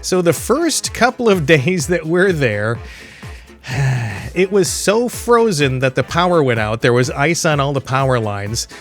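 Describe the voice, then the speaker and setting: Chuckling man telling a rambling story. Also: fairly high pitch. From Michigan, USA. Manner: rambling, chuckling, self-correcting. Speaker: gaming channel host. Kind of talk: casual storytelling over gameplay. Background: faint video game music.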